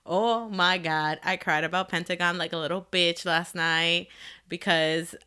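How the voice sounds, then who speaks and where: A woman co-hosting a casual pop-music chat podcast, excitable and gushing, quick to laugh. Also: on the low side, smooth. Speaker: podcast co-host.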